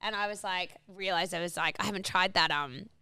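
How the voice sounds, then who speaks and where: Woman co-host, bright crisp voice, dry mic, rambling chatty storyteller. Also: on the low side, brisk, no room sound. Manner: rambling storyteller, lots of fillers. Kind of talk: casual chat.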